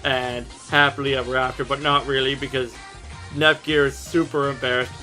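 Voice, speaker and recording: A man's voice: mid-range voice, flat delivery, moderate pace, pushed and bright, faint music behind. A man giving a casual, irreverent episode recap of an anime, joking and swearing freely.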